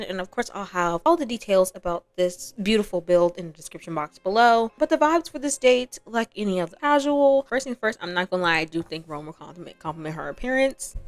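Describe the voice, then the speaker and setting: A woman's voice: mid-range voice, no room sound. A young woman giving chatty, slangy commentary on a life-sim game as a gaming creator. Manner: chatty, slangy, laughs at the drama. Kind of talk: casual gameplay commentary.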